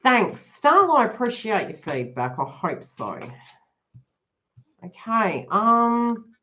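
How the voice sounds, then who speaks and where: A woman's voice: fairly high pitch, very animated, slow, sharp tone. A woman reading cards on a live stream, chatting to viewers by name and laughing often. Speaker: tarot reader hosting a live stream. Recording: dull lo-fi live stream audio.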